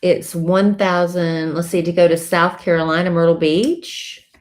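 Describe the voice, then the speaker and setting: Chatty woman, low voice. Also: flat delivery, a little slow. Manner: chatty, playful, baby-talks to the dog. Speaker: co-host. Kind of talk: casual chat on a live stream.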